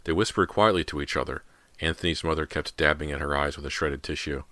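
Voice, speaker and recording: A man's voice: extremely low pitch, quick pace, dry recording. A man narrating a horror novel as an audiobook reader. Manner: steady storytelling read. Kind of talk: scripted narration.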